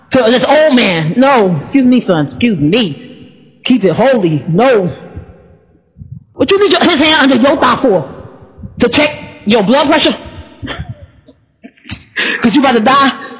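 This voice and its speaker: A woman preaching an informal sermon, full of laughter and quick asides. She slips into the voices of the people in her stories. Her voice rings with the long reverb of a big hall. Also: high-pitched, husky. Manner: animated, laughs often, acts out voices. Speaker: preacher teaching the Bible.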